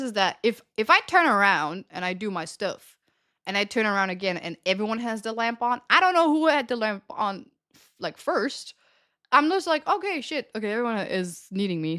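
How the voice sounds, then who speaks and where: A woman's voice: a little high, fairly bright tone, dry recording, clean studio sound. A young woman live streamer casually telling a story to her chat, laughing often and swearing freely.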